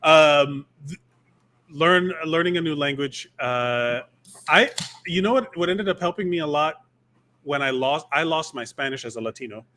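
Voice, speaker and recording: Man, bright tone, slightly high voice, rambling casual podcast chat. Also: lively intonation, moderate pace. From Miami, USA. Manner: rambling, lots of fillers and restarts. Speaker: podcast co-host.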